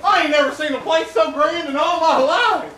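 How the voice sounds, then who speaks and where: A man's voice: extremely high pitch, moderate pace, sharp tone. An actor playing a goofy, overly agreeable hillbilly man from Alabama, folksy and laughing. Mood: amazed. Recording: echoey room from a far camera with hiss.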